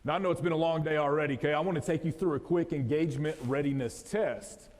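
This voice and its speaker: A man's voice: on the high side, fast talker, darkish tone. A man in his thirties from West Texas with a West Texas accent, giving a joking, folksy motivational talk straight to a live audience. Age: 30s. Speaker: motivational speaker. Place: event hall, live audience. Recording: long hall reverb.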